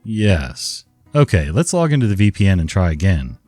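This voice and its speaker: A man's voice: low voice, big pitch swings, normal speed, darkish tone, no echo, soft background music. A man doing a weary, polite help-desk worker. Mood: patient.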